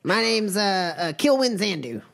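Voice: mid-range voice, very animated, a little slow, creaky, a bit bright, pitched above the performer's own voice, full character voice. A game master voicing an earnest recruiter for a puritan cult in a tabletop game role-play. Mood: welcoming. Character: earnest cult recruiter in plain white clothes.

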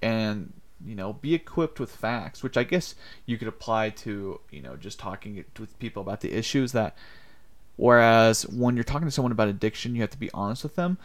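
A man's voice: fairly low pitch, expressive, fairly quick. Earnest young man, casual podcast chat. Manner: earnest, rambling, acts out quoted lines. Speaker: podcast co-host.

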